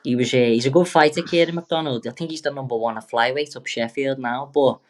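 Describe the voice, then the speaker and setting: A man's voice: medium pitch, fairly quick. A young man, a boxer guest telling rambling, sweary, jokey stories in a casual interview. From England.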